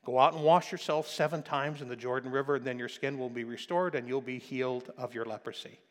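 A male pastor preaching a sermon, swinging from quiet explanation to loud, emphatic passages. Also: medium pitch, fairly even intonation, a little fast, long reverb tail. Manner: preaching with rising intensity, shifting from quiet to loud.

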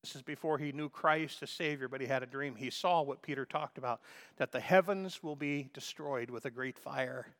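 A man's voice: medium pitch, normal speed, a bit bright. A man preaching a sermon in an earnest, emphatic way, sometimes stumbling and restarting as he builds his points.

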